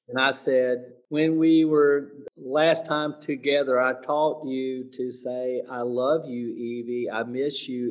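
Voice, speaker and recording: A man being interviewed, earnest and motivational, halting and searching for words with restarts. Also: medium pitch, a little mellow, distant mic, rough recording. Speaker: interview guest, speaker and teacher. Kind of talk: sit-down interview.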